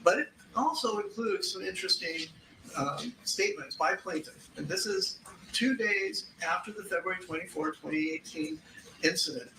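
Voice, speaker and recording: A man giving a closing argument as a defense attorney, measured and formal. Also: sits high, reverberant, noisy background.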